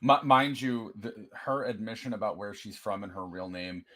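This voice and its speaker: A man's voice: on the low side, fairly even intonation, moderate pace, pushed and bright. A man co-hosting a casual livestream movie review, chatty and agreeable, filling in scene details. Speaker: co-host.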